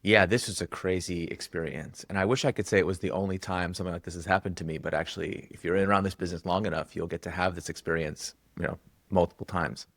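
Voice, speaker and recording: A man, a guest author, telling a story in conversation and acting out the quoted dialogue with lively jumps in pitch. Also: quick pace, no echo, clean studio sound.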